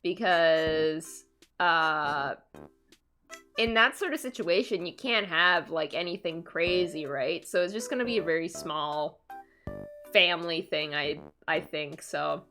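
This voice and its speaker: A woman's voice: deep voice, slow, bright, forceful tone, soft background music. A young woman from Canada chatting casually on a live stream, laughing often and answering her chat.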